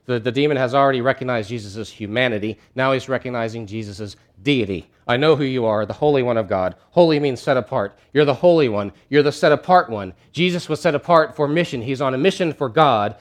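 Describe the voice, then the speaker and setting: A man's voice: medium pitch, fairly quick. A man preaching a sermon in a conversational, emphatic way, often restarting his phrases.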